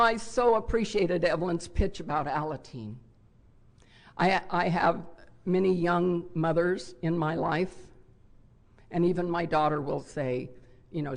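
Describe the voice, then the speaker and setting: An older woman stands at a podium microphone in a hotel ballroom and tells her own story to the room. Her voice has a gravelly, creaky edge. She speaks candidly and from the heart. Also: fairly low pitch. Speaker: recovery convention speaker. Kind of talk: personal share talk.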